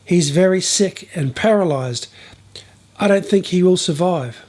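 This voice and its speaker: A man's voice: a little high, expressive, moderate pace, husky. A man voicing an earnest, humble Roman centurion in a spoken bible story. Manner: earnest, pleading.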